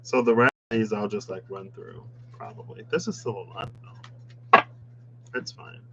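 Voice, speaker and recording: A man's voice: fairly low pitch, steady tone, moderate pace, gravelly, dull audio, heavy background noise. A man reading tarot cards in a casual chat, musing aloud with playful asides. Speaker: tarot reader. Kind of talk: casual tarot deck walkthrough.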